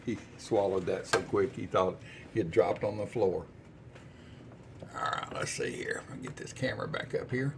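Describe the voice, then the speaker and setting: In a casual cooking vlog, an older man chats about his home cooking, relaxed, rambling and folksy. His voice is very low, deep and gravelly, at a moderate pace, with a faint hiss of background noise underneath.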